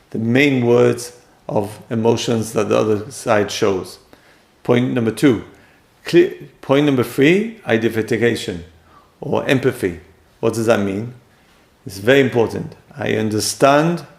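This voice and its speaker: Gravelly man teaching in an echoey room. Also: medium pitch. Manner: acts out quoted speakers with sudden loud jumps. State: voice a bit strained. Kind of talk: lecture on relationships.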